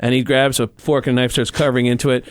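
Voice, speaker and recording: A male comedian and impressionist telling anecdotes in animated, quick casual storytelling. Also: mid-range voice, a little hiss or hum.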